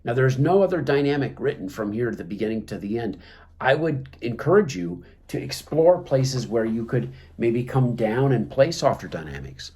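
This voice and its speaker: A man's voice: mid-range voice, big pitch swings, normal speed, a little mellow. A man teaching clarinet technique, talking through the music with many fillers and restarts. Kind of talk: instructional talk.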